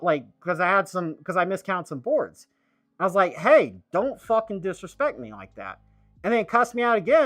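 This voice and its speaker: A man streaming a casual monologue, rambling and halting, full of fillers and restarts. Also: sits high, bright, forceful tone, dry recording.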